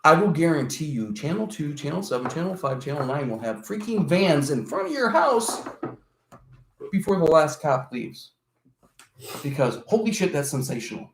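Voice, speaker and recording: A man's voice: on the high side, normal speed, slight background noise. A man in casual podcast chat, a former EMT, who tells his stories with lots of movement in his voice and acts out what others said. He swears freely and talks bluntly. The room is echoey. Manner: animated storytelling, swearing, quoting others.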